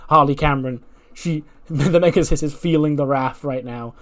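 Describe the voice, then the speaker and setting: A man's voice: a little high, normal speed, warm tone. A man casually narrating a wrestling management game, rambling with lots of fillers. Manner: rambling, lots of "like" and "you know". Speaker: let's play narrator.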